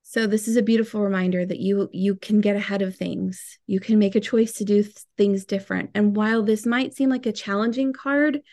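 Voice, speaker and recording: A woman's voice: medium pitch, fairly even intonation, fairly quick, few pauses, a little mellow. A woman reading out oracle card messages and chatting about them in a soothing, reassuring way. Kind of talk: card reading and casual chat.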